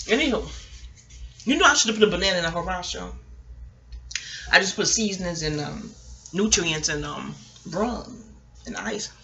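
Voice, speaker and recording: A woman's voice: on the low side, lively intonation, moderate pace, gravelly, pauses often, a bit bright, a little hiss or hum. A woman, rambling through a casual, profane TV recap at home, digressing and laughing often. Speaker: vlogger reviewing a TV episode. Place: home, near a kitchen.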